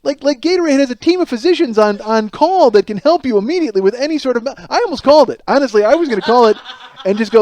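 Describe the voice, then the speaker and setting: A man's voice: very high voice, expressive, fast talker, a little mellow. A man in his forties hosting a solo comedy podcast, ranting in disbelief and rambling through a story with plenty of profanity. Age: 40s. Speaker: podcast host.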